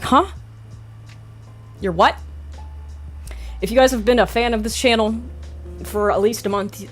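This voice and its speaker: A young woman telling a casual storytime vlog, blunt and profane with sarcastic asides. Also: medium pitch. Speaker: video creator.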